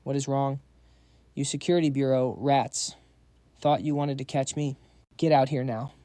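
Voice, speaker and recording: A man's voice: medium pitch, fairly even intonation, moderate pace, mellow, no echo, lightly acted. A man voicing an unhinged, taunting male bomber villain in a comic recap.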